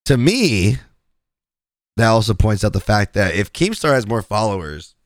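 A man's voice: fairly low pitch, big pitch swings, normal speed, no echo, clean studio sound. A man hosting a podcast, talking through online drama in a loose, rambling way. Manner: rambling, many fillers and restarts. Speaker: podcast host. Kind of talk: casual commentary.

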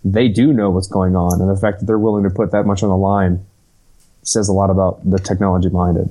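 Low-voiced earnest podcast co-host. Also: male voice, little pitch movement, quick pace, mellow, rough recording. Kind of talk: casual podcast chat.

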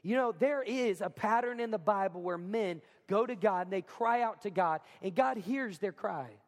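A man's voice: high voice, moderate pace. A man preaching a sermon as pastor, talking conversationally, often asking the congregation questions and acting out quotes. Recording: hall reverb.

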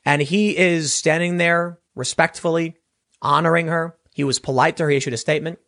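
A man doing solo political commentary, animated and rambling, often restarting his sentences. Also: on the high side, a little fast.

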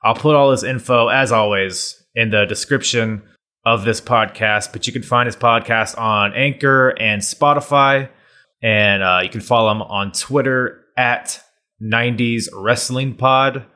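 A man's voice: medium pitch, measured pace, pushed and bright. A young man hosting a podcast, rambling casually through his intro and laughing at himself. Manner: rambling, self-deprecating, laughs often. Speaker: podcast host.

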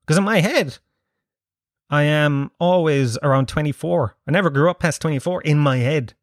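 A man's voice: fairly high pitch, normal speed, dry recording, clean studio sound. A man in his thirties with a Dublin Irish accent, hosting a casual solo podcast from his sitting room in a rambling, sweary, self-mocking way. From Ireland. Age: 30s. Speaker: podcast host.

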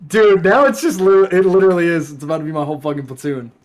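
A man's voice: on the high side, fast talker. A young man in his twenties, a soldier chatting casually on a podcast, emotional and laughing, heavy on swearing. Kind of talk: casual chat.

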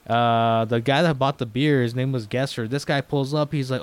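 A man's voice: medium pitch, brisk, hardly any pauses. A young man, a podcast guest, telling a story in casual talk, swearing a lot and acting out what people said. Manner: animated, heavy swearing, acts out quoted dialogue.

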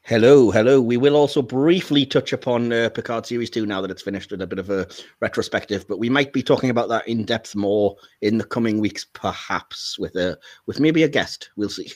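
A man co-hosting a casual podcast, a little hoarse, candid and wry, often laughing. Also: medium pitch, a little fast, hardly any pauses, darkish tone. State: slightly hoarse. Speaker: podcast co-host.

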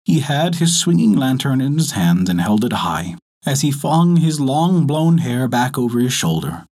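Husky-voiced male storyteller. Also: medium pitch, very animated, moderate pace, darkish tone. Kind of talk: scripted narration.

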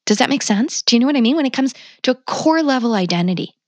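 A woman's voice: a little high, quick pace, no echo. A woman talking as a parenting educator in a candid interview, blunt and emphatic, swearing freely. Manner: animated and passionate. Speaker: parenting educator, podcast guest.

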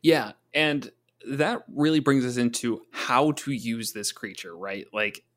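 A man co-hosting a casual tabletop gaming talk, chatty, often slipping into quick voices for monsters and players. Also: medium pitch, a bit bright. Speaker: podcast co-host, game master.

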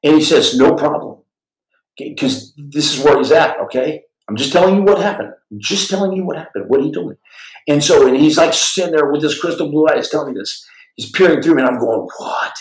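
A podcast host with a slightly high voice tells a story dramatically and a little fast, on a reverberant, low-quality recording. He shifts his voice for the people he quotes, restarts often, and makes frequent asides to listeners in this animated storytelling.

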